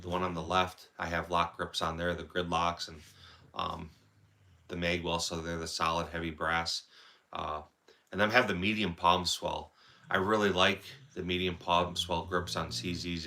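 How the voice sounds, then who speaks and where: A man's voice: sits low, little pitch movement, normal speed, sharp tone. A man from Wisconsin with a Wisconsin accent, congested and with a sore throat, chatting casually on a livestream and reading out viewer comments. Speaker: livestream host. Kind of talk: casual live-stream chat.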